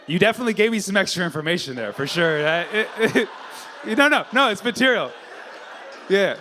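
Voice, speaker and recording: A male stand-up comedian doing crowd work on a comedy club stage, teasing and swearing in quick banter through a handheld mic. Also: high-pitched, animated, bright, forceful tone, a little hiss or hum.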